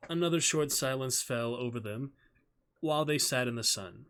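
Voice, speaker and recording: A man reads a novel aloud on his stream at a calm, measured pace. His voice sits at an ordinary middle pitch, and each sentence comes out steady and even as the story unfolds. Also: clear, resonant tone.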